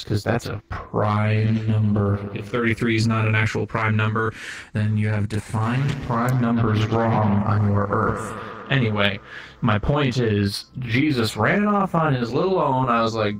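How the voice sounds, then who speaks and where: A man's voice: lowish voice, moderate pace, fairly bright tone, poor audio. A man improvising a comedic role-play as God, rambling and profane, often cutting himself off mid-sentence. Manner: rambling, profane, self-interrupting. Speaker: streamer.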